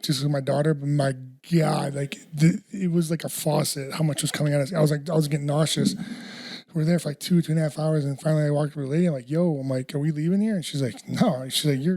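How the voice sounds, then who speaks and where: A man's voice: on the high side, vocal fry, mellow. A man hosting a casual podcast chat, telling a rambling story with lots of restarts and casual swearing. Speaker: podcast host.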